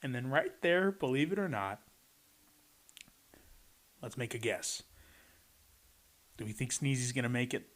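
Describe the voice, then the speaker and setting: A man's voice: mid-range voice, lively intonation, unhurried, pauses often, fairly bright tone. A man reading a rhyming picture book aloud and adding playful commentary between the pages. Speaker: storybook reader. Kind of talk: picture book read-aloud with chatty asides.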